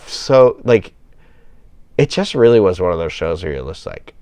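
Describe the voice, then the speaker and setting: A man hosting a relaxed livestream from home, rambling and enthusiastic, with plenty of fillers and false starts. His voice sits fairly low and sounds tired, and the sound is dry and close with no room echo. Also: moderate pace, clean tone. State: yawning, tired. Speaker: livestream host. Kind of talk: casual livestream chat.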